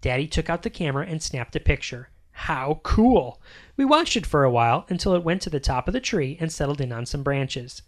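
A reader narrating a children's story aloud in an expressive, sing-song way. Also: medium pitch, fairly quick.

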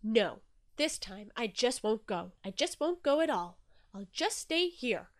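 A woman's voice: on the high side, sing-song, unhurried. A woman voicing an anxious young male octopus in a storybook reading, fretful and repeating himself. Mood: tearful.

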